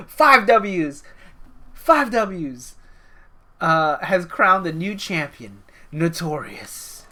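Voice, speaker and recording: Woman game streamer, casual amused chatter, bright, lowish voice. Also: big pitch swings, extremely slow. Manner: chatty, amused, thinking aloud. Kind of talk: casual gameplay commentary.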